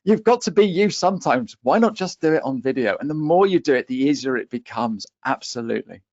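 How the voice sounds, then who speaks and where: A man's voice: medium pitch, animated, fairly quick, darkish tone, no room sound, highs cut off. A man with a West Country accent coaching on a webinar panel, emphatic and driving his points home with "okay?". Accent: West Country English. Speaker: LinkedIn coach for accountants.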